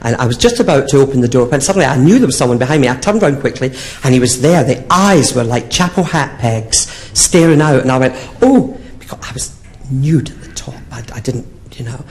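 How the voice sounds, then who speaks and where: A man's voice: mid-range voice, expressive, quick pace. A man doing a drag comedy act on a theatre stage, telling saucy stories in a camp, sing-song manner. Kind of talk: bawdy stand-up storytelling. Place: theatre stage, live show.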